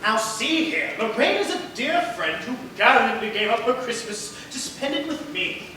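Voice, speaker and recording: A man's voice: very high-pitched, lively intonation, moderate pace, pushed and bright, exaggerated voice. A man acting a cranky, domineering celebrity critic in a live stage play, bossy and imperious. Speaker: stage actor. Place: theater stage. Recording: distant, echoey and noisy theater recording.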